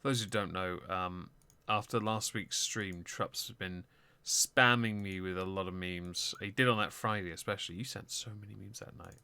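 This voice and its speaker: Gravelly man, dry teasing. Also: sits low, fairly even intonation, normal speed, pushed and bright, no room sound. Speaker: stream host. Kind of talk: casual political livestream chat.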